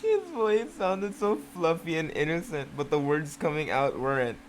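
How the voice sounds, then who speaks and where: A host reading fan fiction aloud in a casual reaction video, moving between slow, even reading and loud, shocked, swearing outbursts. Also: medium pitch, background noise.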